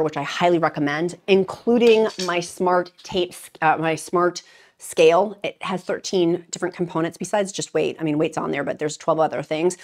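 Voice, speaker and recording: This is a woman with a slightly low voice, vlogging straight to camera. She rambles candidly and openly, with lots of fillers and restarts, and sounds emotional. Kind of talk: casual talk to camera.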